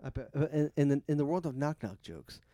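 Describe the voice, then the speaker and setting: A man co-hosting a casual podcast, playful and teasing, quick to laugh at his own jokes. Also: fairly high pitch, animated, mellow. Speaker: podcast co-host. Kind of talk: casual joking chat.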